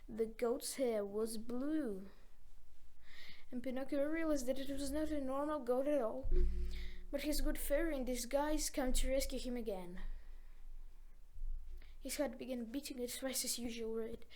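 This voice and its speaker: Woman, high voice, children's storybook narration, expressive and dramatic. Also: measured pace, long pauses. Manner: expressive, dramatic read-aloud. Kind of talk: children's story read-aloud.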